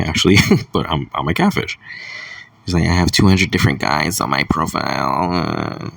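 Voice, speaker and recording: Young guy vlogging, super low gravelly voice, crude rambly talk, kinda far from the mic. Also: dry recording. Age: young adult. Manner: crude, rambling, chuckling between thoughts. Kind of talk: casual rambling monologue.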